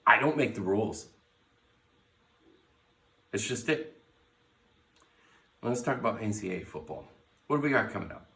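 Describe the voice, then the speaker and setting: A man's voice: on the low side, lively intonation, normal speed, creaky, pauses often, sharp tone. A brash, blunt man hosting his own sports talk show, swearing freely and firing off picks. He sits back from the mic in his garage, so his voice bounces around the room. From United States. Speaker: sports podcast host. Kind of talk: casual sports commentary. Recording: echoey garage, mic at a distance.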